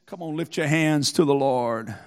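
A male pastor preaching a sermon, swinging from quiet, hushed passages to fervent shouting, punctuating phrases with a rhythmic "uh". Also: fairly high pitch, normal speed. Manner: speaks in tongues. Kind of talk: Pentecostal sermon. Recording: faint music behind.

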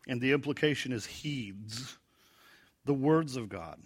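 Guy teaching the bible verse by verse, gets loud acting out the quotes then goes quiet and low explaining. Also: unhurried, slightly rough. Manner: animated, acts out quoted lines with rising pitch and volume. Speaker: preacher.

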